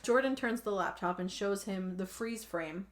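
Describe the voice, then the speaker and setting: Animated woman recapping a movie. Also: mid-range voice, normal speed. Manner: animated storytelling, swears freely, says 'like' often. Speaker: podcast host. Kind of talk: casual movie recap chat.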